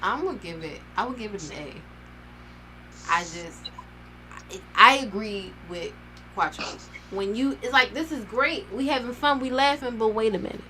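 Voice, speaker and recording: A woman co-hosting a casual movie review podcast, talking lively and laughing easily. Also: fairly high pitch, normal speed, a little hiss or hum.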